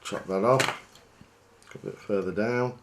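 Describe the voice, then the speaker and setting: A man, working as a fishing guide, talking through a fly tying demonstration in a chatty, relaxed, self-deprecating way. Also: on the low side, a little slow, background noise.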